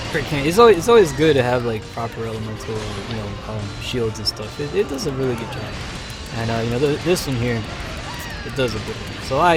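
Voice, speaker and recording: Chatty man commenting on gameplay. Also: mid-range voice. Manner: chatty and excitable, bursts of loud cheering and laughter. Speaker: live-stream host playing a game. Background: game music.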